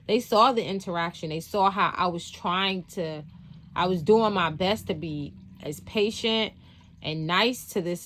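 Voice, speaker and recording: A woman's voice: on the low side, fairly bright tone. A woman hosting a spiritual vlog, telling a story from work in a rambling, casual way with lots of fillers and restarts. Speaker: spiritual channel host.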